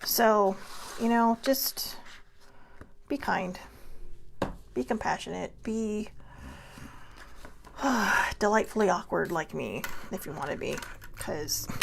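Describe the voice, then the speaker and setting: A woman's voice: mid-range voice, creaky, background noise. A middle-aged woman hosting her own show, giving an earnest, rambling, self-deprecating motivational talk. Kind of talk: casual motivational monologue.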